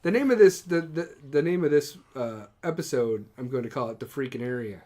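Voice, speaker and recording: A man with a voice of ordinary pitch co-hosts a casual podcast chat. He chimes in with short agreements and turns to the listeners with wry joking asides. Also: animated, a little fast, darkish tone. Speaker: podcast co-host.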